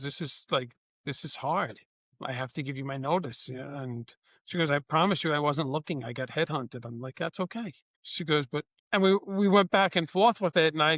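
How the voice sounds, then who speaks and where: Animated storytelling business owner. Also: male voice, fairly high pitch, no room sound. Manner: animated, acts out dialogue in his anecdotes. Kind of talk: conversational storytelling.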